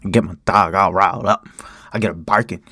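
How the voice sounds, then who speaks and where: A man's voice: deep voice, fairly even intonation, a little fast, pushed and bright. Man rambling in a closet. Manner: rambling, profane, playful. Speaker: podcast host. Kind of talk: casual podcast monologue. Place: small closet. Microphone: studio microphone.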